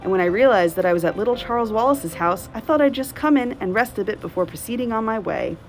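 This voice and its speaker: A woman voicing a creaky, genteel elderly stranger as she reads a storybook aloud, with a prim, drawn-out delivery. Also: fairly high pitch, lively intonation, soft background music, pitched above the performer's own voice. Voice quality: creaky, like an unoiled gate.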